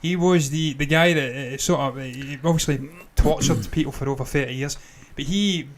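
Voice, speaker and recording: A man's voice: medium pitch, normal speed. A man co-hosting a casual film review, swearing freely and laughing often as he rambles. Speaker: podcast co-host.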